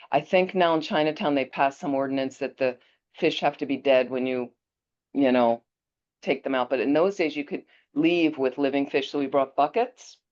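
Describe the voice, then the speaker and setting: Low-voiced woman teacher telling stories. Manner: animated storyteller, chatty with restarts. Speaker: Buddhist teacher. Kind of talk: teaching talk with personal anecdote. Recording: dull lo-fi audio.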